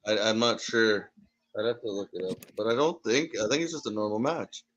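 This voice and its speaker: A man's voice: fairly low pitch, expressive, brisk, fairly bright tone, dull audio. A man hosting a casual live reaction chat, easygoing and asking the others questions. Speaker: watch party host.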